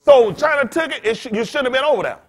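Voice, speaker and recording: A man preaching in loose storytelling style as a pastor, blunt and cussing, laughing as he swings between loud bursts and quiet asides. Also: very high voice, lively intonation, fast. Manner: blunt, street-talking, cussing. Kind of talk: storytelling sermon.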